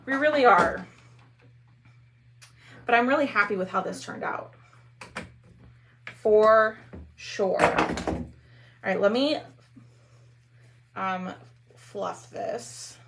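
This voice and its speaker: A woman's voice: medium pitch, extremely slow, creaky, pauses often. A woman hosting a casual craft live stream, chatting with viewers while she works. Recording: faint background noise.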